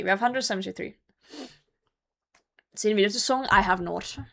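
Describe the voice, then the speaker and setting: Streaming a game, this woman from Norway talks casually with her chat in English as a second language and swears freely. Her voice is mid-range and a bit bright.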